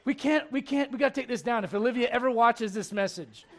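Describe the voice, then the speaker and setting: A man in his forties, a pastor preaching a sermon in a church with joking, animated storytelling. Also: extremely high pitch, quick pace. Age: 40s.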